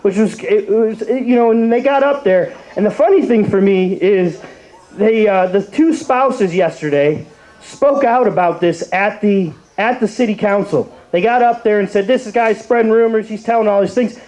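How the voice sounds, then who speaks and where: A man's voice: sits high, moderate pace, a little mellow, poor audio. A young man from Cleveland doing a rambling open mic stand-up set, full of fillers and restarts. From Cleveland, Ohio.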